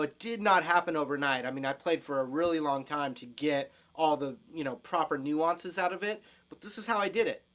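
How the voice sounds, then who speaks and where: A man's voice: a little high, fairly bright tone. Laid-back guitar teacher, man. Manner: casual, loose, many fillers and restarts, counts and scats rhythms. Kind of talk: relaxed spoken guitar lesson. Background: electric guitar playing.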